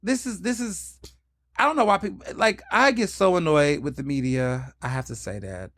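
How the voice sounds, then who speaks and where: A sassy man hosts a solo podcast and speaks somewhat high for a man. His delivery is candid and swings in pitch, with free swearing. The sound is close and dry, with no room around it. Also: moderate pace, a bit bright, no echo. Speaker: podcast host.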